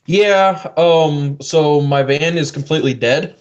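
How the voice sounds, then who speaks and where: A man's voice: on the high side, takes it slowly, darkish tone, muffled recording. A young man co-hosting a casual podcast, laid-back, swearing and saying "like" a lot. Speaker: podcast co-host. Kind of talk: casual chat.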